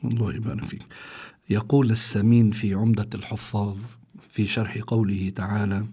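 A man teaching Quran recitation, reading out explanations in a measured way. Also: lowish voice, steady tone, mellow, breathy edge. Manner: measured, reads citations slowly.

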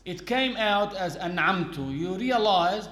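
High-voiced man teaching in an echoey room. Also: animated, unhurried. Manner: patient, explains with worked examples. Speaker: religious teacher. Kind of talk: religious lesson.

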